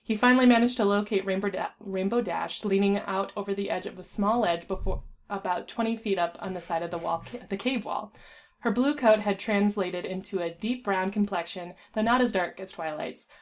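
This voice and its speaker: Woman reading a story aloud. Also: medium pitch. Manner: stumbles and restarts while reading. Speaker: fan fiction reader. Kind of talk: casual reading aloud with voices.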